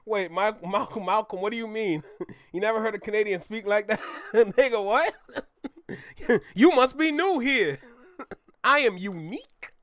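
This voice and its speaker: A man hosting a reaction video, reacting in animated, joking casual commentary. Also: high voice, measured pace, no echo. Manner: animated, joking, switches between loud and hushed.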